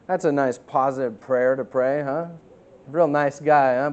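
A man pastor teaching a Bible study in a casual, conversational way, with many fillers and lively bursts of emphasis. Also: mid-range voice, measured pace, clean tone, lo-fi sound. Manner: conversational, many fillers, reads scripture aloud; animated, acts out voices with bursts of emphasis.

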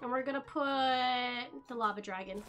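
Speaking a bit slowly, a high-voiced, bright-sounding woman streams a game, chattering away to viewers and gasping excitedly at each thing she finds. The audio is somewhat dull, and quiet game music sits under her voice.

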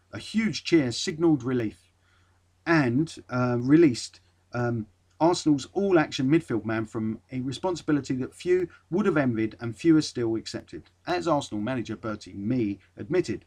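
A man's voice: mid-range voice, a little mellow. A man hosting a podcast, reading an old article aloud and breaking off with dry, wry asides. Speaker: podcast host.

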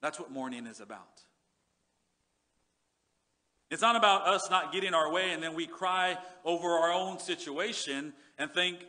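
A male pastor preaching a sermon in earnest, repeating words and dropping low and soft when he reads scripture. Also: a little slow, pauses often. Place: church sanctuary.

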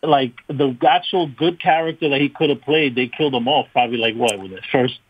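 A man's voice: mid-range voice, brisk, slightly rough, muffled recording. A man from New York calling in to a radio show, talking in a profane, enthusiastic way. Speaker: caller. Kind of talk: casual call-in talk.

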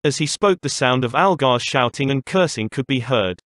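A man narrating a fantasy novel in a steady storytelling manner. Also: medium pitch, moderate pace, no room sound. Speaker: audiobook narrator.

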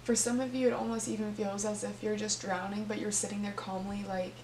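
A woman's voice: mid-range voice, little pitch movement, fairly quick, a little mellow. A woman reading tarot cards for her viewers, talking to them directly in a heartfelt, earnest way. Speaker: tarot reader. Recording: echoey room with faint hum.

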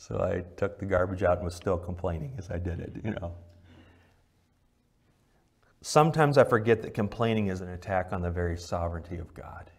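A male pastor gives a sermon at a church service at a moderate pace. Loud, emphatic moments alternate with soft, low ones, and he addresses questions directly to the congregation.

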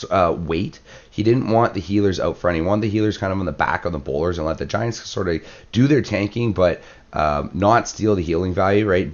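A hoarse man, losing his voice, giving relaxed play-by-play commentary on a strategy game, with fillers and throat clearing. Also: low-pitched, dull audio. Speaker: clan war commentator. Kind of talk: gameplay commentary.

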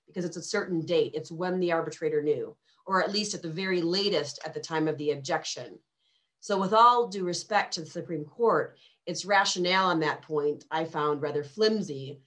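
A woman lawyer speaking on a webinar panel, measured and precise, with frequent fillers and small restarts. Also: deep voice. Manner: measured, precise, quotes legal text carefully.

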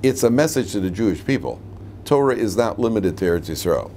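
Joking rabbi teaching a class. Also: male voice, lowish voice, expressive, fairly quick, a little mellow, a little hiss or hum. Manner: joking, asks the class questions. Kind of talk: humorous classroom lecture. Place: classroom with students.

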